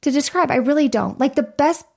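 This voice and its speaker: A woman's voice: high-pitched, fairly quick, gravelly. A woman co-hosting a podcast, talking frankly and candidly in casual chat, with free swearing. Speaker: podcast co-host.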